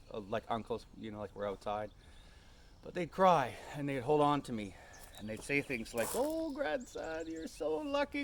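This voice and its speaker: A man speaks earnestly in a loose, rambling storytelling flow, dotted with "you know" and "like". His pitch sits in a middle register, and faint outdoor ambience sits behind him. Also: slight background noise. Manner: earnest, rambling, many fillers. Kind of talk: personal storytelling vlog.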